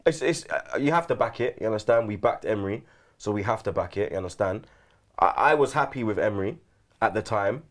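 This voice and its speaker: Man, casual slangy banter, very lively intonation. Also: on the low side, brisk. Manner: slangy, tags lines with rhetorical questions. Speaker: regular guest on a fan show. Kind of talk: casual chat.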